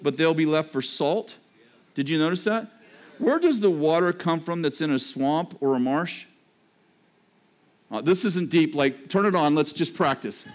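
A man with a high voice preaching a sermon. He talks like he is chatting with the crowd, cracks jokes along the way, and often drops into a low register to drive a point home. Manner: conversational preaching with joking asides and sudden drops to a low register. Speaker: pastor.

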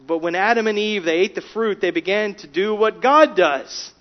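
A man preaching a sermon, emphatic, rising in volume for key words and dropping low and quiet between them. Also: lively intonation, normal speed. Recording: dull lo-fi sound.

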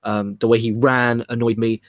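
A young man co-hosting a podcast, reviewing wrestling in a rambling, animated way and swearing freely. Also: medium pitch, normal speed, no room sound. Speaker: podcast co-host. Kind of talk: casual wrestling review chat.

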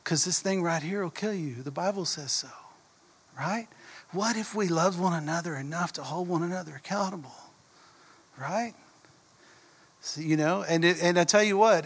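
In an echoey church hall, a middle-aged pastor with a Southern US drawl preaches earnestly, often posing questions to the congregation. His voice sits on the high side and has a fairly bright tone.

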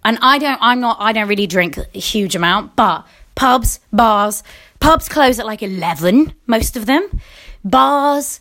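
A woman's voice: a little high, animated, unhurried, a bit bright. An English woman hosting a solo podcast, ranting in a rambling, sarcastic way, often cutting herself off and swearing. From England. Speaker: podcast host.

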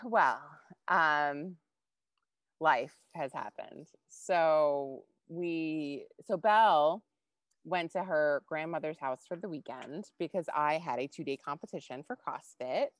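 A woman co-hosting a podcast, telling a personal story in casual, animated chat and swearing freely. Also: low voice, no echo. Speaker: podcast co-host.

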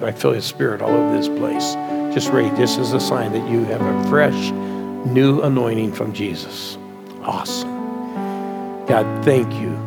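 A man's voice: mid-range voice, creaky. A male pastor preaching a sermon and leading the congregation in prayer they repeat after him.

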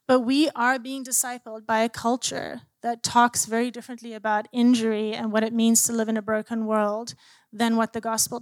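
Higher-voiced woman counselor, dry sound. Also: no room sound. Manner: earnest, retells conversations with quoted dialogue. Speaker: Christian counselor. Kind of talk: teaching talk with client stories.

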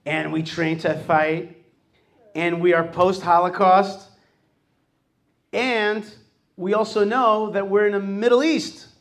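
Male host, fairly high voice, animated delivery, jokes with a live crowd in a hall. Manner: animated, jokes with the audience and acts out quoted voices. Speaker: host giving a talk to a live audience. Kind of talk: lively public talk.

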